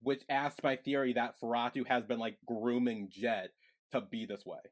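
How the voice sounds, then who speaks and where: A man co-hosting a podcast, recapping the plot in a relaxed way with many "like"s and quoted lines. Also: mid-range voice, moderate pace. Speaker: podcast co-host. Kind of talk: casual recap chat.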